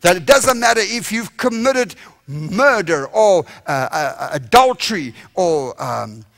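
Male evangelist, revival sermon, lively swooping delivery, impassioned, emphatic. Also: sits high, takes it slowly, gravelly. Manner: impassioned, emphatic preaching with sudden loud bursts. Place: church revival service.

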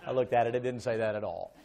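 A man's voice: mid-range voice, creaky, mellow. A pastor preaching a sermon in church, joking and asking his congregation rhetorical questions.

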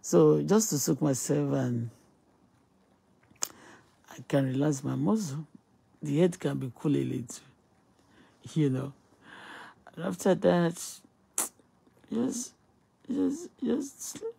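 A woman's voice: deep voice, lively intonation, slow, creaky, pauses often, dark tone, husky. A woman from Nigeria with a Yoruba-tinged Nigerian accent, talking on a phone live stream in an emphatic, repetitive way. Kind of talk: casual live-stream talk and prayer.

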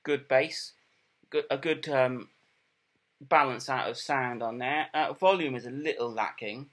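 A middle-aged man giving a casual product review, plain and unhurried, with many ums and repeated words. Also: mid-range voice, a bit bright. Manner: plain, unhurried and matter-of-fact.

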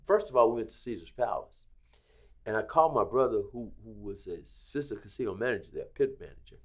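A man's voice: on the low side, fairly quick. A man telling a story as a guest in a podcast interview, acting out the lines of the people in it. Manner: animated storyteller acting out quoted dialogue. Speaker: guest, casino executive. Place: Las Vegas.

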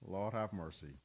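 A male pastor preaching a sermon to his congregation, swinging between loud, emphatic preaching and quiet, low asides. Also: slightly rough. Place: church.

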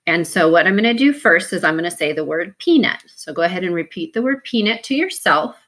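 A woman teacher giving a spelling lesson to young students, slow and patient, sounding out each syllable and letter. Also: lowish voice, lively intonation, fairly bright tone.

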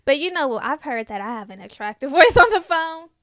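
A woman's voice: high-pitched, animated, a little fast, a bit bright, no echo, studio quality. A woman with a small, sweet voice co-hosting a podcast in casual chat, goofy and frank. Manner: goofy, frank, swears freely. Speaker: podcast co-host.

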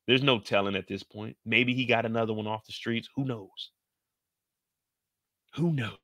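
A man casually recapping a TV drama episode in a boastful, animated, slangy way. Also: medium pitch, normal speed, no echo, studio quality. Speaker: YouTube show recapper.

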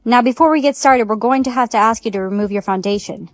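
A text-to-speech woman's voice reading a storytime script, voicing every role with even synthetic delivery. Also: fairly high pitch, fast, dry recording.

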